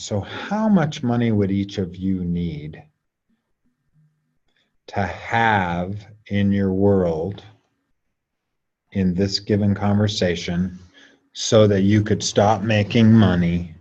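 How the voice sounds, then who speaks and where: A man with a somewhat low voice guides an online class through an energy exercise. He speaks in a slow, soothing, coaxing way, letting phrases trail off. The sound is dull and lo-fi, like a video call. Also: darkish tone. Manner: slow, soothing, coaxing delivery with drawn-out pauses. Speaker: class leader.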